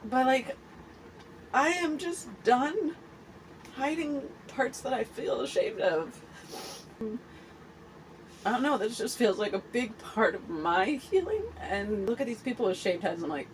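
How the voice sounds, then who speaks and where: A woman in her forties hosting a candid personal vlog, talking earnestly and haltingly with many fillers and restarts. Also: fairly high pitch, expressive, slight background noise, low-quality recording. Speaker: host.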